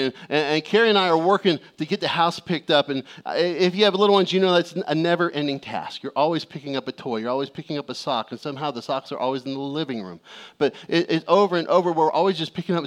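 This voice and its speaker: A middle-aged male pastor preaching a sermon, telling a family story with lively acted-out voices and calls for amens. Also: medium pitch.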